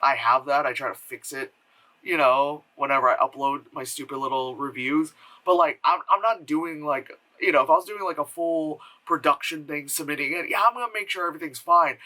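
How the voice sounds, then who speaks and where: A man reviews films in a loose, rambling way, full of fillers and restarts, and slips into mocking voices to act out what people said. His voice sits a little high and sounds bright and tense. He records at home, where an air purifier keeps humming. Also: a little fast, low-quality recording. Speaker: film reviewer. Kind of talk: casual spoken film review.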